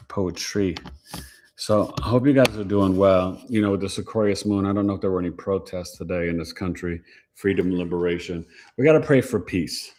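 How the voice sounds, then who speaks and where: A man hosting a home livestream in casual chat, playful and slangy, dropping rhymes and acting out quick quoted voices. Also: deep voice, darkish tone. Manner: playful, slangy, rhyming asides. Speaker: astrology livestream host.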